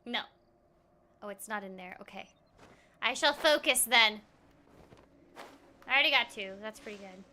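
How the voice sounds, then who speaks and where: A woman's voice: a little high, moderate pace, pauses often, sharp tone. A woman streaming a game, chatting casually and playfully, greeting viewers and repeating phrases in silly voices. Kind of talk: casual gameplay chat.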